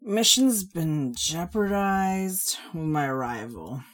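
A woman's voice: lowish voice, lively intonation, slow pace. A woman reading a story, voicing a brash, drunken young woman who slurs and hollers. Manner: slurring, loud, hollering.

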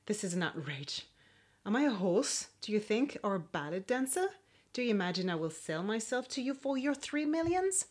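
An actress playing a proud, impoverished aristocratic lady of twenty-eight, speaking crisply and scornfully in an old-fashioned radio play. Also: medium pitch, very animated, normal speed. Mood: indignant. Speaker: actor.

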